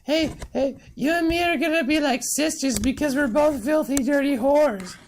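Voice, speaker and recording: A man putting on a bossy, foul-mouthed mother in a squeaky falsetto. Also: normal speed, slight background noise. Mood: snappy. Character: crude shrill mother, middle-aged woman.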